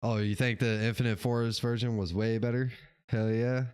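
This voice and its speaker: A man's voice: medium pitch, flat delivery, moderate pace, darkish tone, clear, resonant tone, no room sound. A man hosting a casual livestream show, chatting with his chat in a laid-back, rambling way, swearing now and then and laughing often. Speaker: podcast host reading live chat.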